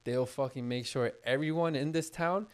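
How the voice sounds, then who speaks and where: A man's voice: medium pitch, moderate pace. A young man co-hosting a casual podcast, talking bluntly and animatedly with lots of swearing. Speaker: podcast co-host.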